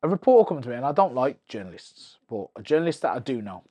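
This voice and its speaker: Profane ex-boxer telling stories. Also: male voice, mid-range voice, quick pace. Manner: animated, profane storytelling that acts out quoted voices. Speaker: podcast guest, former professional boxer. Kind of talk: casual podcast interview.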